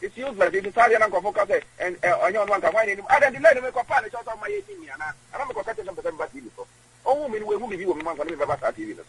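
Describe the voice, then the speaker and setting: A man's voice: sits high, expressive, rapid-fire, a bit bright, poor audio. A Ghanaian man being interviewed, rambling and emphatic, often repeating himself. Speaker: guest. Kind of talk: casual interview chat.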